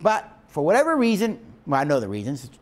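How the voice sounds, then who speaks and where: A man's voice: fairly high pitch, wildly swooping pitch, brisk. A man giving a lecture to couples, speaking in an emphatic, preacher-like way and asking his class questions. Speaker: marriage teacher.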